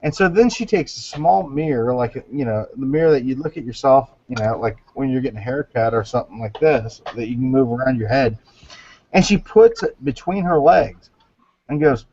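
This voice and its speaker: A man's voice: mid-range voice, expressive, normal speed, a little mellow, muffled recording. A man in a casual online group chat, rambling and stumbling through a joke. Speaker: chat show regular.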